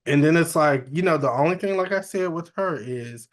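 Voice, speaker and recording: A man's voice: on the high side, animated, a little fast. A man co-hosting a podcast, reading entertainment news aloud and giving blunt, profane opinions in casual chat. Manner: reads news items aloud, candid and profane. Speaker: podcast co-host.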